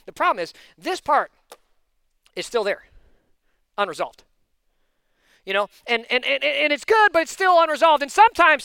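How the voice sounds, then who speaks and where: A man preaching a sermon, telling a personal story in an animated, chatty way, full of asides and sudden loud bursts. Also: very high-pitched, smooth, dry recording. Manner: animated and intense, given to loud outbursts. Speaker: pastor.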